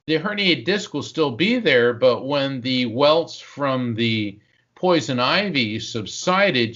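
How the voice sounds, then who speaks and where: A man's voice: mid-range voice, highs cut off. A man, a psychic medium, telling a long anecdote in conversation, acting out the quotes, with plenty of fillers. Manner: animated storyteller, acts out quotes, frequent fillers.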